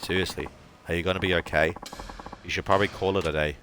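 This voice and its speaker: A level-headed, wry game hero, slightly tipsy, as a man reads him out. Very deep voice with a sharp, forceful edge. Patient and reasonable in tone. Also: steady tone, quick pace, slight background noise.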